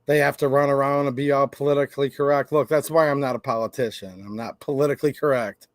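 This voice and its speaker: A man's voice: medium pitch, fairly even intonation, quick pace, no room sound. A man hosting a channel, ranting brashly in casual livestream commentary to his chat. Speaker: host.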